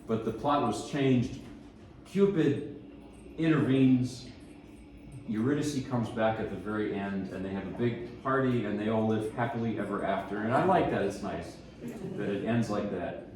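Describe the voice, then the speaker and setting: A man introducing pieces at a piano recital, relaxed and rambling, with self-deprecating asides. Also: on the low side, background noise. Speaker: pianist giving a lecture recital. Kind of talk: casual spoken introductions between pieces. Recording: echoey room, mic at a distance.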